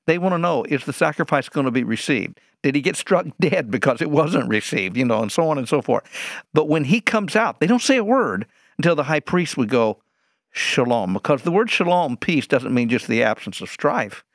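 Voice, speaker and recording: A man's voice: a little high, sing-song, fairly quick, dry recording, clean studio sound. A man, a Bible teacher, explaining scripture in an interview, posing rhetorical questions and answering them.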